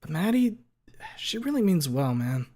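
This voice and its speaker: A man's voice: a little high, very animated, normal speed, mellow, pitched above the performer's own voice. A man voicing an easygoing teenage boy who talks casually and keeps calling his friend dude and man. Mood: earnest. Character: easygoing teenage boy, a laid-back bro.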